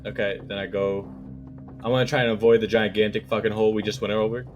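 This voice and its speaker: A man's voice: fairly low pitch, little pitch movement, fast, highs cut off, soft background music. A man playing a tabletop game, talking casually and swearing freely. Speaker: player.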